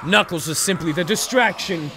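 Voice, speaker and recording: A young man giving excited gameplay commentary, yelling and trash-talking his opponent as he plays a fighting game. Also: sits high, moderate pace, background noise. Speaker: gaming YouTuber playing a fighting game.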